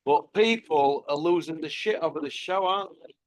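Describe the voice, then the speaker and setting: A man's voice: on the high side, moderate pace, slight background noise. A man, blunt and mocking, chatting casually about boxing as a podcast host.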